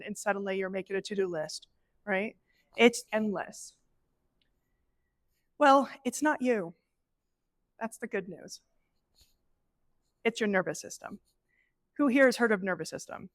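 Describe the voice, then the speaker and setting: A middle-aged woman presenting a live workshop, animated and conversational, acting out inner voices as she teaches. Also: mid-range voice, unhurried, long pauses, dry recording. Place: event space with an audience.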